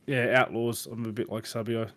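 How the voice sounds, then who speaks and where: A man's voice: medium pitch, flat delivery, fairly quick, fairly bright tone. A man hosting a podcast, chatting loosely about video games with lots of fillers. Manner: rambling, filler-heavy gamer chatter. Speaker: podcast host. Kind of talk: casual chat.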